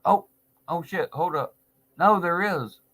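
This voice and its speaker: Profane, slow-talking man ranting angrily. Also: sits high, fairly bright tone. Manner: angry, sarcastic, heavy swearing. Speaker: vlogger.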